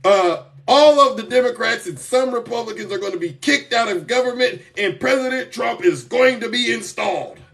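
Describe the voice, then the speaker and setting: A man with a high voice gives a sarcastic, emphatic live-stream rant, repeating his points for effect. He sounds a bit distant from the microphone. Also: expressive, moderate pace, gravelly, hardly any pauses, a bit bright. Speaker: TikTok political commentator.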